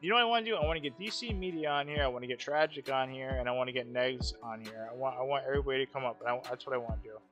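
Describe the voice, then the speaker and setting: A man's voice: medium pitch, racing, hardly any pauses, fairly bright tone, lo-fi sound, faint music behind. Blunt, profane male streamer. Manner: blunt, profane, repeats himself. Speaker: livestream host. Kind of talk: casual livestream commentary.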